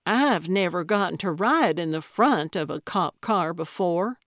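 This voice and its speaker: A woman voicing a feisty, eccentric elderly woman amateur sleuth, quick-witted and cheeky in an audiobook. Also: fairly low pitch, lively intonation, a bit bright, no room sound, studio quality.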